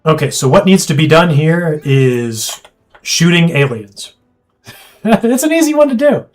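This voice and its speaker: A man streaming a strategy game, chatting casually and thinking aloud with quick asides. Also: a little high, sing-song. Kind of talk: casual gameplay chat.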